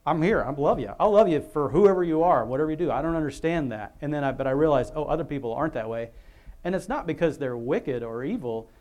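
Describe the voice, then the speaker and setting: A man's voice: fairly high pitch, lively intonation, quick pace, darkish tone. Rambling, chatty male pastor. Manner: chatty, self-interrupting, many restarts and asides. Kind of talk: rambling informal sermon.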